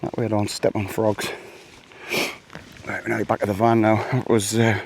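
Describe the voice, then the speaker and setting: A man's voice: fairly low pitch, monotone, moderate pace, darkish tone, a little hiss or hum. A middle-aged man talking to his camera as he walks woodland paths, rambling with jokey asides. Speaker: vlogger. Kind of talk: casual vlog talk to camera. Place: outdoors on woodland and coastal paths.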